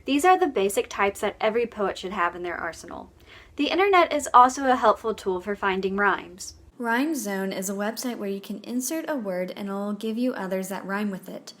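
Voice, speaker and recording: A young woman hosting a tutorial, reading a scripted explainer in a clear, measured way and spelling out terms one by one. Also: medium pitch, lively intonation, fairly bright tone. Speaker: poetry tutorial host.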